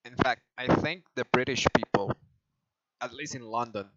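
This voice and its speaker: Game music plays behind this man as he streams a video game, speaking with a heavy Spanish accent and thinking out loud with many restarts. His voice is medium in pitch and a bit bright at a moderate pace, with no room sound and the highs cut off.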